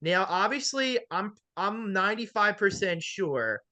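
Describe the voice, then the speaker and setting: A man's voice: high voice, lively intonation, unhurried, bright, forceful tone. A man hosting a sports talk show, chatting casually and filling his sentences with "like" and "you know". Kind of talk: casual interview.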